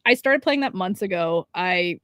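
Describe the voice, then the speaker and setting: A woman's voice: on the low side, animated, moderate pace, a bit bright, dry recording. A woman co-hosting a casual gaming chat, effusive and emphatic, laughing often as she talks. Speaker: co-host.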